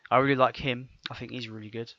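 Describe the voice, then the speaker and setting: A man's voice: medium pitch, level tone, fast talker, fairly bright tone, dry recording. A man co-hosting a podcast, talking casually and enthusiastically with many restarts. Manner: rambling, stumbling restarts, enthusiastic. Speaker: podcast co-host. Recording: dull dry lo-fi podcast audio.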